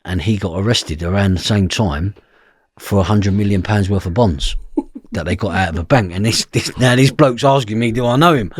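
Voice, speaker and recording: Blunt man with a husky voice. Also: fairly low pitch, normal speed, no room sound. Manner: blunt, swears freely, keeps asking "do you know what I mean". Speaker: podcast guest. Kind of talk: personal storytelling.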